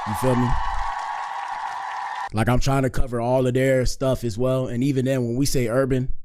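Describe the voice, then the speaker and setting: A man of ordinary pitch chats on a live stream, relaxed and loose. His talk is full of slang and filler like "bro". He sounds like he is speaking from a home streaming setup. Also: moderate pace, a loud crowd, very noisy. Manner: laid-back, slangy, keeps saying "bro" and "dog". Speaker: streamer hosting a commentary show. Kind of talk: casual live-stream commentary.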